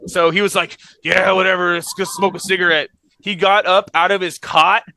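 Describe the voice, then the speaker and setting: A man, a former Navy corpsman, telling war stories in casual chat, animated and laughing as he acts out voices. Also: high voice, moderate pace, slight background noise.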